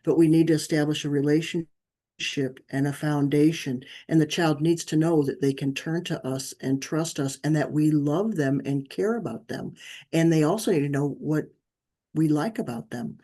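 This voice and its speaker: A woman's voice: low-pitched, normal speed. A middle-aged woman, a parenting author, speaking as a guest in a conversational interview and acting out quoted dialogue as she tells stories. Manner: animated storyteller, acts out quoted dialogue.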